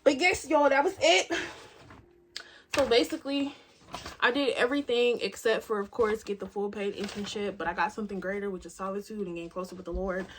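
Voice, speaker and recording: A woman in her early twenties chatting casually to camera in a vlog, animated and talkative, swinging from loud to soft. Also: mid-range voice, brisk, a little hiss or hum. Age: 20s. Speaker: vlogger. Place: cabin.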